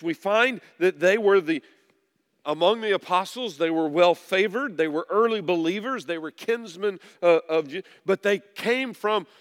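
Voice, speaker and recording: A pastor preaching a sermon, dropping low and soft at times, then rising loud to press a point. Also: male voice. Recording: long reverb of a large hall.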